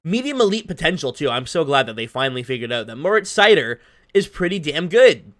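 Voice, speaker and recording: A man talking casually over a hockey video game, chatty and self-deprecating, his voice a bit hoarse from long recording. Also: a little high, very animated, fast talker, a bit bright. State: losing his voice, slightly hoarse. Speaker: gaming YouTuber. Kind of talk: casual gameplay commentary. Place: at his desk at home.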